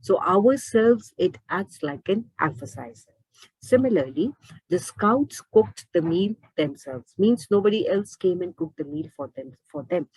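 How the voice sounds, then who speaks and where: Woman grammar teacher, low-pitched husky voice, dry close recording, patient explainer. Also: expressive, measured pace, a little mellow, no echo, rough recording. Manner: repeats and rephrases points, asks rhetorical questions. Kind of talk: explaining lesson.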